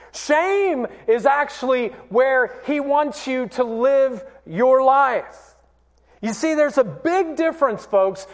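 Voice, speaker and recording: An animated preaching man, slow and high. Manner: animated storytelling, acts out quoted voices. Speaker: pastor. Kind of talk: sermon. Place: church.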